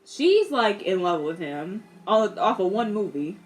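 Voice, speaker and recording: A young woman giving a casual movie reaction, animated, laughing often and acting out characters in quick voices. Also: mid-range voice, faint music behind. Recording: steady background noise.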